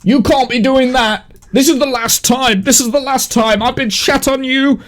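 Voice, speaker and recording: A man voicing a confused male prison guard who shouts in disbelief. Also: extremely high pitch, fairly even intonation, moderate pace, voice pushed up. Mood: incredulous. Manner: incredulous, raised shouting.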